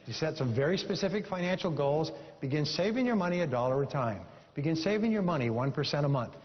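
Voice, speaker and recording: Emphatic male seminar speaker in a hall. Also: on the high side. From Canada. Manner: emphatic, repetitive, storytelling. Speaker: motivational speaker. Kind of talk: seminar talk with a told joke. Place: seminar stage. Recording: dull recording in a large hall.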